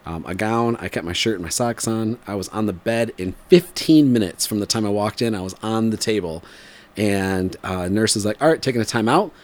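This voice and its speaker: A man in his forties telling a story in casual chat, rambling with fillers and laughing, and putting on animated voices when he quotes people. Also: fairly low pitch. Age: 40s.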